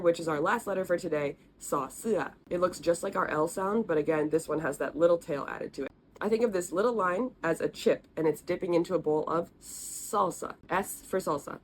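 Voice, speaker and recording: A woman teaching the letters and sounds of an alphabet in a friendly, patient way, repeating each sound slowly. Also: lowish voice, a little hiss or hum. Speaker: language teacher. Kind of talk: explaining, recorded lesson.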